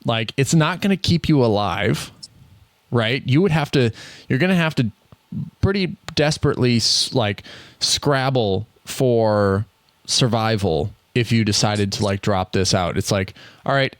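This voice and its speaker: A man's voice: medium pitch, expressive, a little slow, dry recording. A man with a Midwestern accent, chatting casually on a podcast about card games, rambling and correcting himself as he goes. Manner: rambling, self-correcting, laughs often. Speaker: podcast co-host. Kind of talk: casual card game chat.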